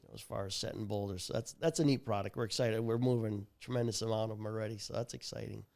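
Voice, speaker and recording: A man's voice: fairly low pitch, fairly even intonation, fast, vocal fry, a little mellow. A man talking about his company's tools on a podcast, telling customer stories with enthusiasm. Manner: enthusiastic salesman storytelling. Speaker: tool company representative. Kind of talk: casual podcast chat.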